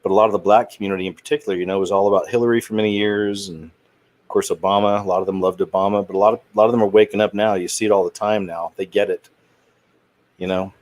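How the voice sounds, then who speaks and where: A man's voice: fairly low pitch, flat delivery, quick pace, a little mellow. A man hosting his own channel, talking in a rambling, indignant commentary with trailing restarts. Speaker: channel host. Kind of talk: casual commentary monologue.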